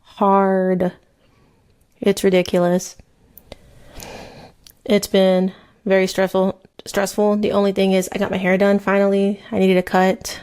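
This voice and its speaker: A woman in her thirties hosts a true crime podcast in a loose, chatty ramble. She talks quickly and swears freely, with a mid-range voice. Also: mid-range voice, completely flat delivery, darkish tone, smooth. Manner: fast, profane, rambling chat. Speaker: podcast host. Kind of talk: casual true crime chat while crocheting. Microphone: headset mic, then removed.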